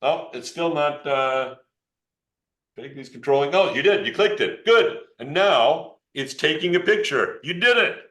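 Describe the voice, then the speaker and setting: Unhurried and fairly bright in tone, this geologist's voice sits a little high. Over a video call he shows off an electron microscope live in a loose, jokey way, keeping things playful as he talks with a child.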